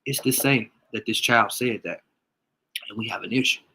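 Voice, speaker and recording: A man's voice: lowish voice, normal speed, pushed and bright, breathy edge. A man speaking to his followers in a casual vlog as an emotional father, his voice crackling as he stumbles and repeats words.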